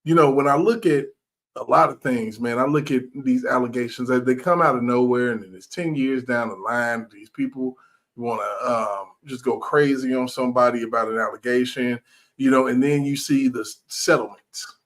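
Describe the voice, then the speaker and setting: A man hosting a podcast, telling stories in a loose, animated way, acting out quotes and swearing freely. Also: medium pitch, moderate pace. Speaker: podcast host. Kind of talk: casual chat.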